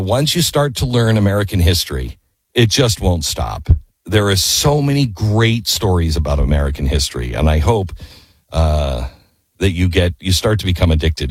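A low, slightly husky male talk radio host, recorded dry and close in a studio. He tells his story with energy and acts out each quoted line with sharp jumps up in pitch. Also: dry recording.

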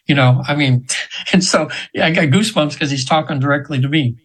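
Husky-voiced man in his seventies. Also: on the high side, a little fast, rough recording. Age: 70s. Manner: rambling, earnest, with many fillers and restarts. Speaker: guest hypnotherapist. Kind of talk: casual storytelling in an interview.

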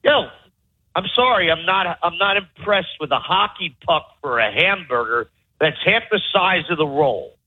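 A man's voice: fairly high pitch, animated, moderate pace, slightly rough. A man on vacation at a resort, ranting angrily and profanely about it to his podcast co-hosts. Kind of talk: angry ranting review. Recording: tinny phone-like call audio.

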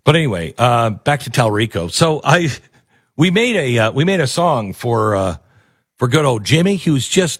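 A man's voice: mid-range voice, sing-song, normal speed, fairly bright tone, slightly rough, no echo, clean studio sound. A man hosting a talk radio show, chatting casually and sarcastically with plenty of fillers and jokes. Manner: sarcastic, joking, loose with fillers.

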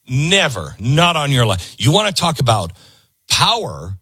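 A man's voice: mid-range voice, sing-song, unhurried, pushed and bright, slightly rough, no room sound. A middle-aged man hosting a talk show, giving an emphatic political commentary monologue and repeating his points for force.

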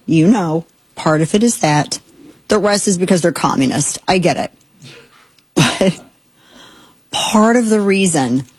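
A middle-aged woman hosts a talk radio show, blunt and sarcastic as she rambles through her opinions. Her voice sits a little low and slightly husky. The sound is dry and close. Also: darkish tone, no echo.

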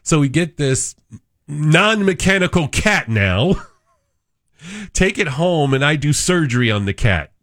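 A man in his fifties filling in as a radio talk show host, chatting with callers and telling family stories, jumping up in pitch to act out voices. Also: takes it slowly, no echo, clean studio sound. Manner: animated storyteller, acts out voices with pitch jumps. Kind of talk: casual radio chat and storytelling. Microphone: studio microphone.

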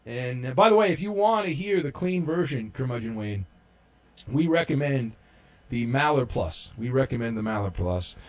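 A man's voice: mid-range voice, normal speed. Rambling sports talk show host man. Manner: rambling, many fillers and restarts; sarcastic, deadpan humor. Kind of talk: casual talk show chat.

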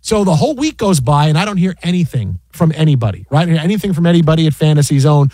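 High-voiced man telling an incredulous story. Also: very fast, no echo. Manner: excited, many restarts, incredulous. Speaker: sports broadcaster guest. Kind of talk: animated anecdote on a podcast.

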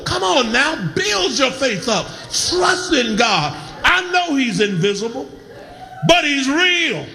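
High, bright-voiced preaching man. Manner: impassioned preaching, building to shouts with congregation call and response. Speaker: pastor. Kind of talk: sermon.

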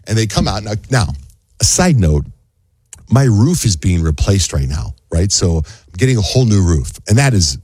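In a dry, studio-quality recording, a man with a husky voice and moderate pace shares a story during a casual chat. He's an animated storyteller who raises his voice high whenever he quotes other people.

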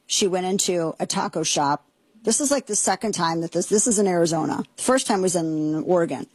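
A middle-aged woman hosting a political talk radio show, sarcastic and indignant in rapid-fire bursts. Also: lowish voice, darkish tone, husky, no echo.

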